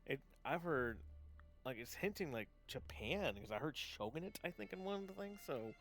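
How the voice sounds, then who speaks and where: A man chatting casually on a live gaming stream, rambling with lots of fillers and restarts, laughing often and getting excited. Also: fairly high pitch, normal speed, faint music behind. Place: home setup, gaming stream.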